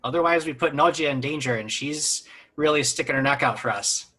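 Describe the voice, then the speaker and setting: A man playing a tabletop game, speaking in character in a firm, measured way. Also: a little high, pushed and bright, slightly rough. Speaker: player.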